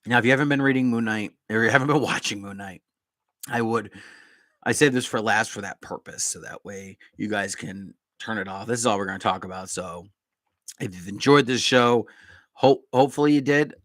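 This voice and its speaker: Male live-stream host, excitable, rambling, dry close sound. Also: fairly low pitch, no echo. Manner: excitable, rambling, quick bursts. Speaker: podcast host. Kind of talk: casual live-stream chat.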